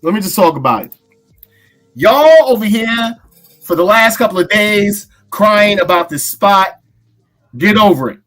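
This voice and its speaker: A man hosting a casual podcast chat, animated, playful and swearing freely. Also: sits high, unhurried, pauses often, soft background music. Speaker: host.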